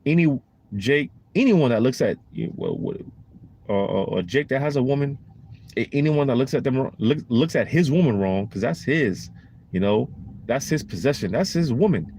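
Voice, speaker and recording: A man's voice: medium pitch, sing-song, moderate pace, darkish tone, husky. A man giving a casual preaching monologue in a rambling, emphatic, slangy way, full of "you know" and "man.".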